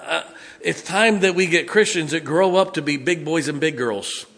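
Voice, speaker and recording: Pastor guy preaching, bright forceful voice, kinda high, folksy and jokey. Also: moderate pace, creaky. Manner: folksy, joking and blunt. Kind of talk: sermon.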